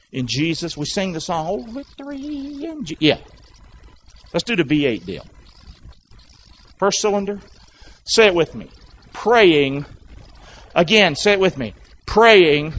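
A male pastor, preaching a sermon in a church and coaxing the congregation to repeat phrases back in call and response. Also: fairly high pitch. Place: church sanctuary. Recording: dull lo-fi sound.

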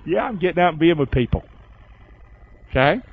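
A man's voice: on the high side, lively intonation, a little fast, slightly rough, narrow, tinny audio. Call-and-response preaching man. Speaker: pastor. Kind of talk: sermon. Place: church hall with congregation.

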